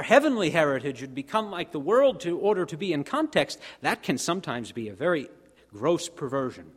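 A man preaching a sermon, asking rhetorical questions and swinging between soft and emphatic delivery. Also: fairly high pitch, big pitch swings, fairly quick, husky. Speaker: pastor. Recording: long reverb of a church hall.

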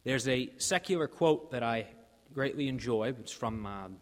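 A man preaching a sermon, emphatic, rising in force on key lines and dropping low for quoted voices. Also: expressive, a little slow. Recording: hall reverb.

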